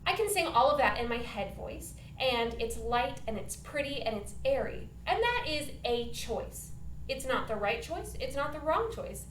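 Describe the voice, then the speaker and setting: A woman's voice: sits high, sing-song, moderate pace, reverberant, a little hiss or hum. A woman teaching a children's singing lesson, upbeat and encouraging, demonstrating points with her own voice.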